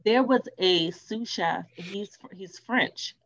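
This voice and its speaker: A thirtysomething woman tells stories on a podcast at a slow pace and medium pitch, the recording muffled. She's animated and casual, performing the voices of the people she quotes.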